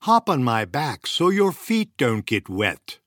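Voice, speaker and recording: A man's voice: mid-range voice, sing-song, slow pace, a bit bright, no room sound, clean studio sound, full character voice. A man voicing a sly male fox who sweet-talks in a coaxing, friendly tone for a storybook.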